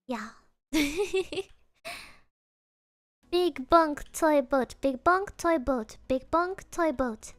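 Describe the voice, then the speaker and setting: A woman's voice: sits high, expressive, very slow, long pauses, no echo, soft background music. A woman virtual streamer chatting casually with a non-native English accent, playful and giggly, repeating silly phrases. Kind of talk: casual live stream chat.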